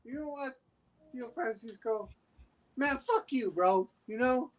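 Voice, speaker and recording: A man voicing a tipsy, emotional man who scolds a cousin at a family party with loud, bantering, affectionate insults. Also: very high voice, measured pace, muffled recording, pitched above the performer's own voice. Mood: tipsy scolding.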